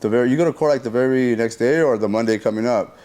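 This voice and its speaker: A man in a relaxed interview telling a story in a loose, slang-heavy and profane way. He is mid-pitched, and he keeps acting out what people said and punching it up with sound effects. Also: quick pace. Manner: animated retelling that acts out what people said.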